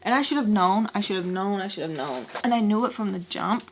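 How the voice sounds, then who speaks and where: Woman storytime vlogger, mid-pitched, casual and blunt, exasperated, peppered with "like" and swearing. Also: a little fast, background noise. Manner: blunt and exasperated, heavy use of "like", swears freely.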